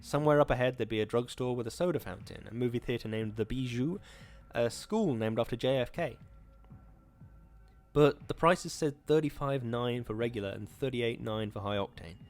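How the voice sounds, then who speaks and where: A man hosting a show, reading a horror story aloud in a steady, measured way. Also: medium pitch, soft background music.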